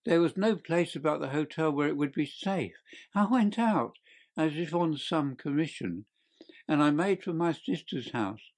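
In an audiobook reading, a man voices a panicked young male thief who pleads and confesses in a crackling voice, shrill and desperate. The narrator is expressive and keeps a measured pace.

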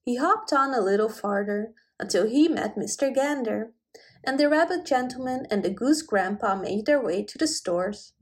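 A woman reading a children's animal story aloud in a gentle, measured way. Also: a little high, animated. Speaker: narrator.

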